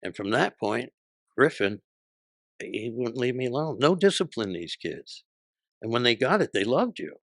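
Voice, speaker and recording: A man in his sixties, a comedian guest, telling stories in casual chat with a punchy, profane delivery and quick character voices when he quotes people. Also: mid-range voice, big pitch swings, gravelly, fairly bright tone, no room sound, studio quality.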